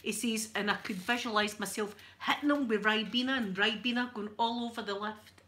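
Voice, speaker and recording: This ASMR livestream host is a middle-aged woman from Scotland who irons as she chats, swapping stories and laughing a lot. Her voice sits a little high, moves fairly quickly, and has a fairly bright tone.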